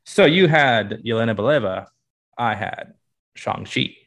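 A man co-hosting a podcast in a relaxed, enthusiastic chatty way. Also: medium pitch, measured pace. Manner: enthusiastic, laid-back, many fillers. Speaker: podcast co-host. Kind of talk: casual chat.

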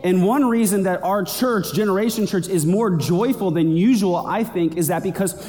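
A man's voice: moderate pace, a little mellow. Man preaching in a reverberant hall. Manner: conversational preaching, builds in pitch toward the end. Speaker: pastor. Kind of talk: sermon.

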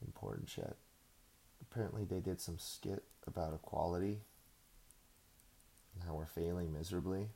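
A man's voice: deep voice, gravelly, a little mellow, slight background noise. A man hosting a podcast, ranting casually in a profane, sarcastic, rambling way. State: out of breath. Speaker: podcast host.

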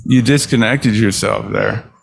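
A gravelly man co-hosting a podcast, telling jokes in a slow, deadpan way. He keeps a serious late-night DJ tone that draws the listener in before the punchline. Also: lowish voice. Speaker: podcast co-host. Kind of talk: casual chat.

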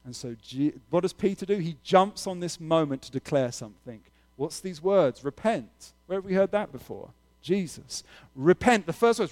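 A man preaching a sermon as pastor, conversational and animated, with sudden loud emphasis. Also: on the high side, moderate pace.

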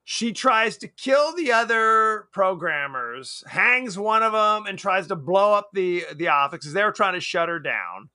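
A man with a high, lively voice co-hosts a casual movie podcast and talks with bright energy. He laughs often and acts out bits of dialogue as he goes. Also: unhurried, hardly any pauses. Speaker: podcast co-host. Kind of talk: casual movie review chat.

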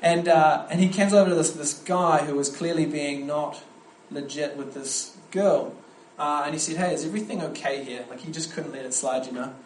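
A young man delivers a sermon at a youth camp, his voice sitting a little higher than most men's. He tells stories with energy, often restarting his phrases. The sound is roomy and echoey, with faint ambience behind him. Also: moderate pace, hardly any pauses, a little hiss or hum. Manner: animated storytelling with frequent restarts. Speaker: youth pastor preaching at a camp.

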